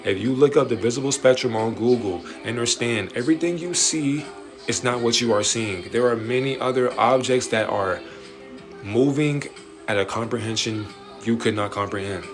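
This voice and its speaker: A man hosting a late-night livestream, preaching in an animated way with slangy street talk and swearing. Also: medium pitch, normal speed. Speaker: livestream host answering viewer questions. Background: faint music playing in the background.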